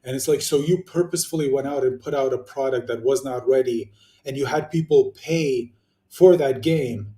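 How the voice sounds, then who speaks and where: In this casual ranting vlog, a young YouTuber responds to viewer comments bluntly, swearing often and filling his talk with fillers and restarts. He speaks at a normal speed in a medium-pitched voice with a mellow, dark tone. He sits back from a distant mic, and the room is echoey.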